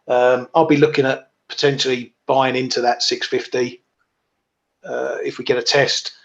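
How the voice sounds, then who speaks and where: A man giving relaxed, self-deprecating market commentary as a guest trader, with many ums. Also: mid-range voice, moderate pace, gravelly. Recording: dull lo-fi webcam audio.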